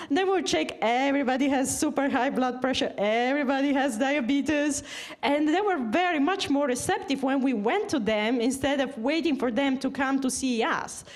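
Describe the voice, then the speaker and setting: A woman doctor gives a casual, chatty testimony at a church gathering, full of filler words and little scenes she acts out. Her voice sits high for a woman. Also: moderate pace. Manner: chatty, animated, acts out dialogue.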